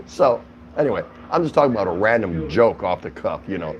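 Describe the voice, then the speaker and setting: A man's voice: sits low, sing-song, brisk, highs cut off, a little hiss or hum. A man hosting a casual livestream from his home, chatting with viewers, greeting them by name and laughing often. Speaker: livestream host.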